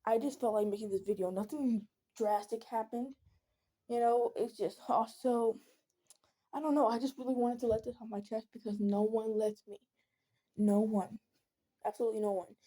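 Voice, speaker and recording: A woman's voice: mid-range voice, fairly even intonation, normal speed, warm tone, slightly rough. A teenage girl venting in a casual monologue, earnest and rambling, often pleading. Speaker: vlogger.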